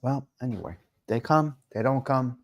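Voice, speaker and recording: A man's voice: medium pitch, expressive, moderate pace, a little hiss or hum. A man hosting a casual live-stream talk show, chatting loosely, rambling in asides and greeting viewers by name. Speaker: livestream talk show host.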